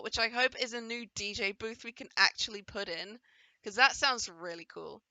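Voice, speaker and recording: A woman's voice: a little high, moderate pace, pushed and bright, no room sound. A woman giving casual, enthusiastic commentary over a game trailer, now and then playfully voicing the characters she sees. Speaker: gaming video creator reacting to a trailer.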